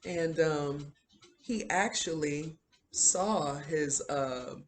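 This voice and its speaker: A woman's voice: low voice, extremely slow, a little hiss or hum. A woman hosting a video who retells a series in a casual, rambling way, with many fillers. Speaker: video host. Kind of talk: casual show recap.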